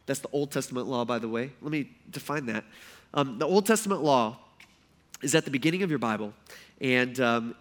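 Animated casual preacher man. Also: a little high. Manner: casual and animated, acting out quotes loudly. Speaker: pastor. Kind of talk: sermon. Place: church hall before a congregation.

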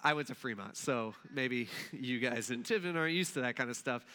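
A man's voice: medium pitch, lively intonation, fairly quick, bright, forceful tone, clean tone. A man from Ohio giving a casual Bible lesson, chatty and checking in with his listeners. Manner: conversational, checks in with listeners, many fillers. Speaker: Bible teacher.

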